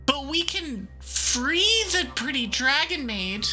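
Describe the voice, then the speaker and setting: A woman's voice: high voice, very animated, slow, pushed and bright, faint music behind. A woman streamer giving casual, playful commentary while playing a game. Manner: chatty, playful, laughs easily.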